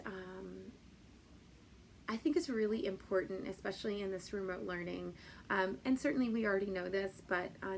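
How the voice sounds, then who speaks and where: A woman's voice: mid-range voice, vocal fry, a little hiss or hum. A woman Spanish teacher talking casually to other teachers, with many ums, and playful and sing-song when she recites a children's rhyme. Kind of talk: teacher training talk.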